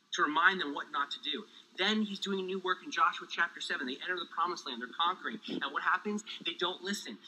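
Bright-voiced animated preaching man. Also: a little high, rough recording. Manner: energetic, animated preaching with asides and jokes. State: sweating, overheated. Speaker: pastor. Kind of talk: sermon.

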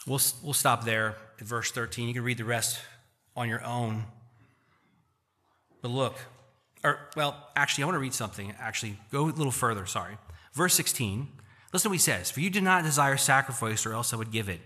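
A man preaching a sermon as pastor, swinging between loud emphatic peaks and quiet, earnest stretches. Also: medium pitch, a little fast. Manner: animated, rising to loud emphatic peaks then dropping to quiet earnest tones. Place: church.

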